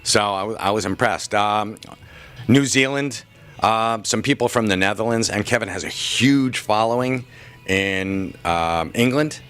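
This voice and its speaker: Chatty, joking man, lowish voice. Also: measured pace, fairly bright tone, clear, resonant tone. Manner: chatty, joking, stumbles and restarts. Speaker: comic shop worker and podcaster. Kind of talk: casual interview answers. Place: comic book shop.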